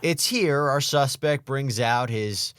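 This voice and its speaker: A man's voice: mid-range voice, takes it slowly, a bit bright, slight background noise. A man delivering wry, scripted narration over police footage. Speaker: video narrator.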